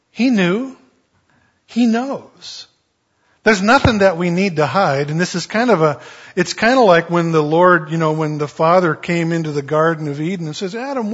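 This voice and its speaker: A male pastor preaches in a folksy, conversational way and tells stories with animation. His voice is husky and slightly high. The recording is dull and lo-fi. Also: fairly bright tone. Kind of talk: sermon.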